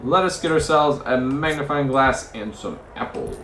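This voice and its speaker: A man's voice: medium pitch, normal speed, fairly bright tone, reverberant, slight background noise. A man playing a story game, reading its text aloud and musing over his choices, often stumbling over words. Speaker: let's play host.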